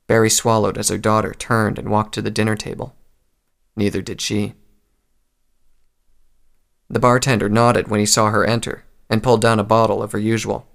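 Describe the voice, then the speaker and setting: A man reading a story aloud in a calm, measured narration. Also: lowish voice, gravelly.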